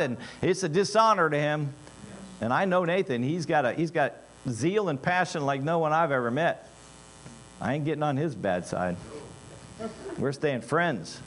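Guy preaching, kinda high voice, goes quiet then gets loud and fired up, faint hum underneath. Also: moderate pace. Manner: animated, swings from low asides to loud emphatic bursts. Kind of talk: sermon.

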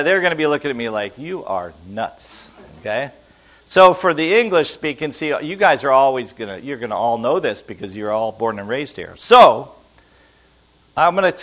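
A man's voice: fairly high pitch, fairly bright tone. A man preaching to a congregation, playful and quizzing his listeners as he goes. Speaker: pastor teaching a congregation. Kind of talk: lively sermon to a live audience.

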